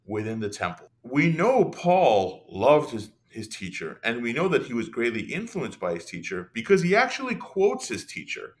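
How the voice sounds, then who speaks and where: A young man, a podcast guest, talking in an animated, casual way, with many restarts and asides. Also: medium pitch, normal speed, hardly any pauses. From Iran. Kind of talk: casual conversational discussion.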